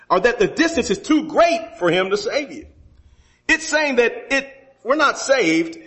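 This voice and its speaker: A man preaching a sermon who addresses his congregation with rhetorical questions, rising sharply for emphasis and then dropping low. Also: fairly bright tone. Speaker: pastor.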